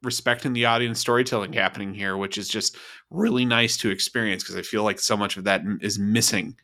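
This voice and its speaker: A man's voice: on the low side, steady tone, brisk, pushed and bright. A male podcast co-host in casual review chat, swearing freely and eagerly acting out scene dialogue. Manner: profane, enthusiastic, acts out scene dialogue.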